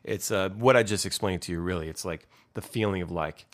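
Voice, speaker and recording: Young male band singer, deep voice, loose and candid, rambling with frequent swearing. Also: moderate pace. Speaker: band singer explaining his lyrics. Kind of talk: casual talk about song lyrics.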